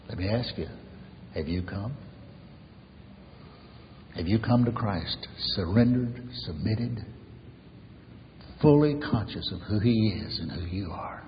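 Male pastor, very low voice, earnest sermon, hushed asides, long church reverb, muffled recording. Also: lively intonation, a little slow, long pauses, a little hiss or hum. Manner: earnest preaching, drops to soft near-whispers for emphasis.

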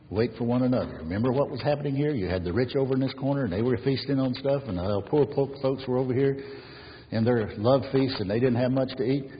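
A man preaching a sermon as pastor, earnestly, rising loud and then falling to a near whisper. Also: mid-range voice, fast. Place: church sanctuary. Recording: dull reverberant church recording.

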